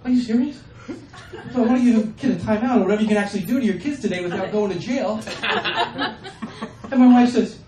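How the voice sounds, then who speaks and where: A man performing a stand-up comedy set, acting out his family members in quick bits. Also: high-pitched, crowd noise. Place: comedy stage before a live audience. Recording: roomy, distant mic with faint ambience.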